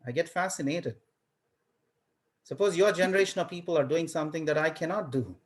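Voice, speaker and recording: A man's voice: on the high side, brisk. A man teaching a university class in a casual lecture style, telling stories animatedly and acting out his own reactions, often repeating words as he starts a thought. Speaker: university professor.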